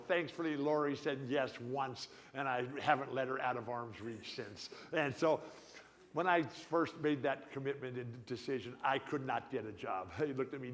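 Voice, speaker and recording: A man's voice: mid-range voice, moderate pace, in a large hall. An older man who says he is a lifelong stutterer, giving an emphatic, folksy, rambling speech as a guest speaker at an awards dinner. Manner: emphatic, folksy, jumps between tangents. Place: banquet hall at a club dinner.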